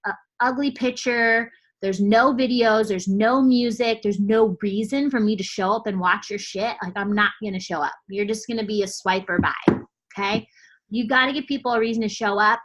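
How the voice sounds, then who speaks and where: A woman's voice: on the high side, a bit bright, lo-fi sound. A woman coach giving a motivational team training talk, fired up and blunt, casual with swearing and lots of "like" fillers.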